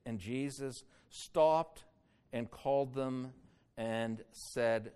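With a clear, resonant tone, a man preaches an expository sermon verse by verse through a Bible passage. Quoted cries come out loud, while solemn points are delivered low and slowly.

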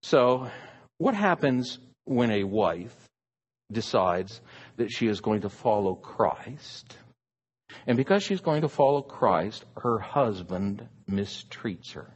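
A man's voice: on the low side, animated, takes it slowly, slightly rough, in a large hall, muffled recording. A man preaching a sermon, emphatic and stressing single words.

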